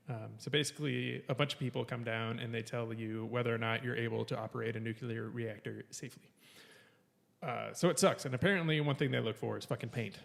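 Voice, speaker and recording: Recorded in what sounds like a large room, a man with a creaky mid-range voice works through a long story for a casual podcast. He curses freely, laughs as he goes, and acts out other people's lines with gusto.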